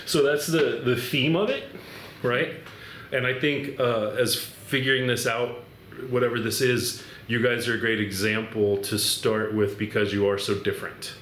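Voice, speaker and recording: A man's voice: mid-range voice, fairly even intonation, normal speed, fairly bright tone, slight background noise. A man hosting a podcast, chatting loosely and jokingly with guests and reading prepared text aloud. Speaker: podcast host, sports mental coach. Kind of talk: casual chat. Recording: echoey room.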